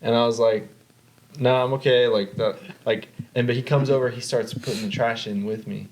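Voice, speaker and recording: A young man hosting a podcast, telling a story in casual chat, animated, repeating himself and swearing. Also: lowish voice, brisk, a little hiss or hum, low-quality recording. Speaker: podcast host.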